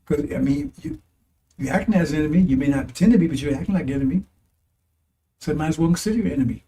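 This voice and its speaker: High-pitched man preaching in rambling bursts. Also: animated, racing, mellow, slight background noise. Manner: rambling, repetitive, coarse, laughs while preaching. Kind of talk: informal sermon.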